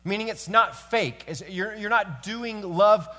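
A man's voice: high-pitched, measured pace, pushed and bright, in a large hall. A man preaching a sermon as pastor, telling a story in a conversational way and addressing the men in the room. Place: church sanctuary.

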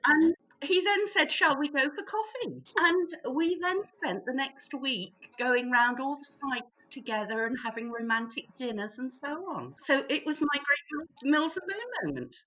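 A woman from England telling holiday stories in a casual chat with friends, animated and chatty. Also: high-pitched, measured pace, hardly any pauses. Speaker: group member sharing stories. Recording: dull lo-fi sound.

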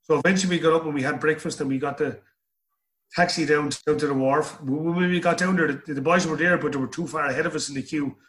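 Speaking fast in a slightly high, fairly bright voice with fairly even intonation, a middle-aged Irishman tells stories as an interview guest. His delivery rambles, with words often repeated.

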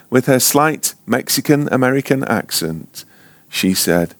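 A man with a lowish voice tells a sermon story at an unhurried pace. His pitch rises and falls widely as he leans into the drama, and at times his voice drops to a hushed near-whisper. The sound is close and dry. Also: very animated, dry recording. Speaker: ministry school teacher.

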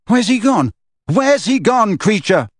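A man reading aloud, voicing an urgent, demanding teenage boy wizard who shouts his questions. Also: high-pitched, very animated, unhurried, no room sound, studio quality, voice pushed up, full character voice.

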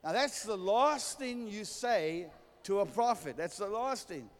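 A man's voice: sits high, lively intonation, a little slow, long reverb tail. A man preaching a sermon, telling a humorous story and calling for amens. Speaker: pastor.

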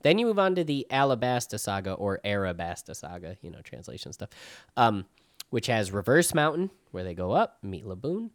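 A man co-hosting a casual podcast chat, animated and swearing freely, with lots of restarts. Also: on the low side, moderate pace, dry recording, clean studio sound. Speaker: podcast co-host. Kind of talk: casual chat about anime.

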